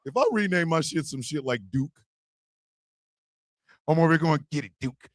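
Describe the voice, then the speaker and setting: A man hosting a radio talk show, giving comedic advice in a loud, profane voice and often shouting. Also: fairly high pitch, normal speed, no echo, clean studio sound.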